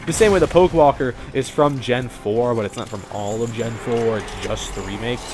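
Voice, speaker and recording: A young man giving casual, rambling commentary over a game, animated and full of swearing. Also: mid-range voice, normal speed, noisy background. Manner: rambling, profane, animated storytelling. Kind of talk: casual let's-play commentary.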